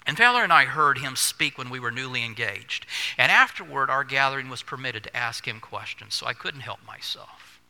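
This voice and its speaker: An older man preaching a sermon earnestly, stressing key words and pausing to let them land. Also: mid-range voice, lively intonation, vocal fry, pushed and bright. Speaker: pastor. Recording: long hall reverb.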